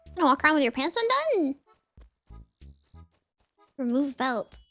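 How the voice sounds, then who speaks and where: Very animated, this woman's high, somewhat bright voice keeps a measured pace as she streams and chats casually with viewers. She laughs constantly and apologizes often while game music plays faintly.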